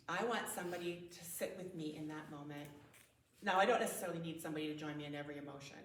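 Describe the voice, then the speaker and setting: A woman with a lowish voice speaks fast and pauses often, with a little hiss or hum present. She's giving a conversational talk at a parenting conference in a church hall, often acting out example phrases and laughing. The room is echoey and the mic sits at a distance.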